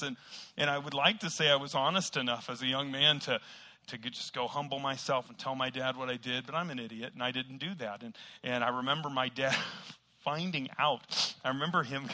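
A middle-aged male preacher with a very bright, ringing voice. He tells a self-deprecating story in a folksy way, then breaks into sudden loud bursts before returning to his lesson. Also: mid-range voice, fairly even intonation, fairly quick. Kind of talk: sermon with personal story.

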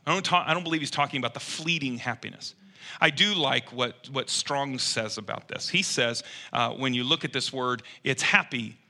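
A man preaching a sermon as pastor, shifting between conversational asides and emphatic, loud bursts. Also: on the high side. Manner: conversational, quotes imagined listeners.

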